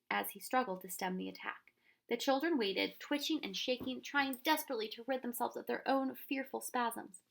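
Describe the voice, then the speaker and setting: A woman reading a children's storybook aloud with expressive narration. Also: fairly high pitch, creaky. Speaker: reader.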